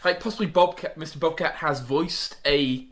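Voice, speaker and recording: A man's voice: on the high side, moderate pace, fairly bright tone. A man co-hosting a casual chat, making dry, wry remarks. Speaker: podcast co-host.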